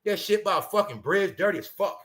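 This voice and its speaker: A man's voice: high voice, animated, brisk, fairly bright tone. A man with a New York accent ranting in a profane, emphatic solo commentary, answering his own points with "that's right.". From Brooklyn, New York. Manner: profane, emphatic, repetitive call-and-response. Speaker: YouTube commentator.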